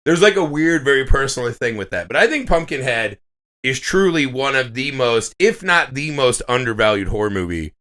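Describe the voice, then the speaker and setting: A man co-hosting a podcast, retelling movie scenes with animated energy and a steady stream of swearing. His voice swings widely in pitch and sounds bright and forward. Casual chat among friends. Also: normal speed. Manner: animated storytelling, swears freely. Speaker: podcast co-host.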